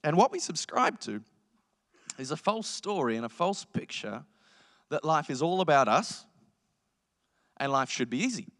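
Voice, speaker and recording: Young male pastor, high bright voice, playful sermon delivery that slips into mocking impressions, big reverberant church hall. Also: normal speed, long pauses. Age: young adult. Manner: animated, joking, mimics entitled voices.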